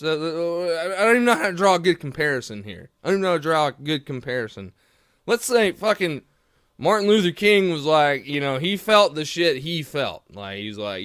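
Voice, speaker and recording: A high-pitched, slightly bright male voice, recorded dry with studio quality, belongs to a political commentary vlogger. Speaking straight to camera, he delivers a heated, profane, rambling rant.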